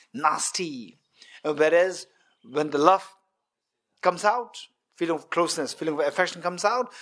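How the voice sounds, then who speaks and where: Questioning, repetitive male dharma teacher. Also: on the high side. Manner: repetitive, questioning the audience, animated with gestures. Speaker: Buddhist teacher. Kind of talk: dharma teaching to a retreat audience. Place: meditation centre hall.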